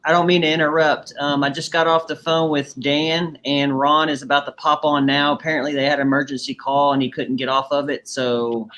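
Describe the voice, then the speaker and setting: A man's voice: a little high, flat delivery, fairly quick, few pauses. A man making a brief, apologetic announcement on a livestream video call. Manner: apologetic, matter-of-fact. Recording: distant, bright, lo-fi call audio.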